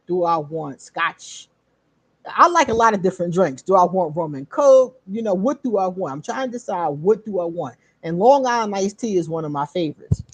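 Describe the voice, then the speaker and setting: A woman hosting her own channel, casually telling a story straight to her viewers, animated, laughing often and swearing freely. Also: mid-range voice, breathy edge, no room sound. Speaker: channel host.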